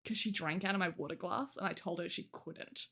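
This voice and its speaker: A woman's voice: fairly low pitch, brisk, vocal fry, bright, forceful tone, breathy edge. A woman livestreamer chatting casually with her viewers, laughing often, swearing now and then and reading chat aloud.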